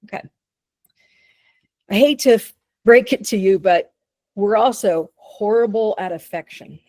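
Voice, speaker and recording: A woman's voice: medium pitch, a little slow, darkish tone, no echo. A woman with a Texan accent, a dog behavior consultant giving a conversational webinar presentation, often restarting sentences and voicing what dogs think. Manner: conversational, many restarts and acted-out dog thoughts.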